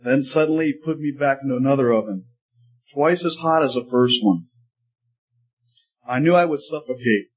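Man as a husky, earnest talking teacup, storybook parable, slightly muffled recording. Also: medium pitch, moderate pace, long pauses, close to an everyday voice. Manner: earnest storytelling, pleading at times. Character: talking teacup, once clay, tested and changed.

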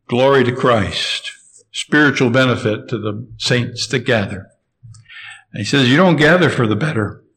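A man preaching an expository sermon, measured and emphatic, slowing down to stress key phrases. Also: mid-range voice, fairly bright tone, poor audio.

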